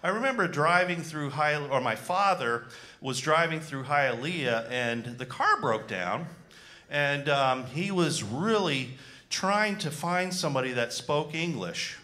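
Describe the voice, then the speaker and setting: A male stand-up comedian with a high, lively voice, working a club crowd in a self-deprecating way. His tone is bright and forceful. He speaks into a handheld stage mic. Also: a little slow. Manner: animated, self-deprecating, with frequent fillers.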